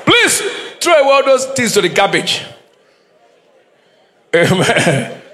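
Middle-aged man, pastor; animated sermon with call-and-response and Pidgin asides, high, lively pitch. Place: church.

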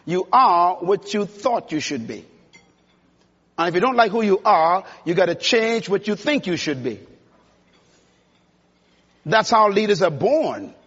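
A man gives an emphatic, preacherly motivational speech in a large conference hall, speaking straight to the audience. His voice is strikingly high. The sound is dull and rings in a long hall reverb. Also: sing-song, measured pace, pauses often, a bit bright, slightly rough.

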